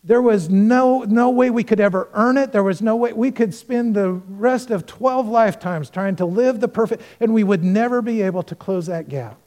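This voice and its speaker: A man's voice: high voice, normal speed, hardly any pauses. A male pastor preaching a sermon, telling a parable with acted-out dialogue and speaking earnestly and directly to the congregation. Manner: storytelling with acted-out dialogue, swinging between loud and hushed.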